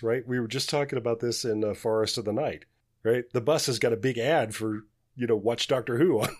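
Soft-spoken, thoughtful male co-host. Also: medium pitch. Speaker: podcast co-host. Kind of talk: casual podcast discussion.

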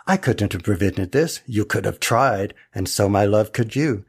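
A man's voice: lowish voice, lively intonation, moderate pace, breathy edge. River Song, recited by a man. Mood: accusing. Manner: recited from memory, mostly in his own voice. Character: River Song, a woman confronting the Doctor. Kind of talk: recited dramatic monologue.

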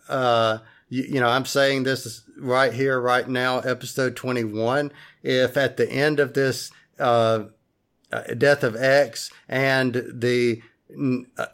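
Male podcast host, mid pitch, slow deliberate delivery, rambling casual chat full of fillers. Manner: rambling, hesitant, many fillers and restarts.

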